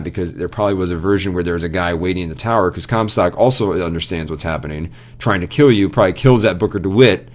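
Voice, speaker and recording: Very low-voiced man retelling a game ending. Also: fast, few pauses. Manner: animated retelling, quotes game characters. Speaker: podcast co-host. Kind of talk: casual chat.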